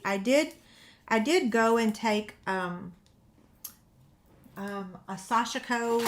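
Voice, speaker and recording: A chatty woman walks viewers through a paper-craft project at an easy, slow pace. She laughs off her own slip-ups and talks straight to her audience. A runny nose gives her voice a slightly stuffy edge. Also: mid-range voice, slight background noise. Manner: chatty and self-deprecating, talks to viewers while working. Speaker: paper-craft video host. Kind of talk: casual crafting tutorial chat.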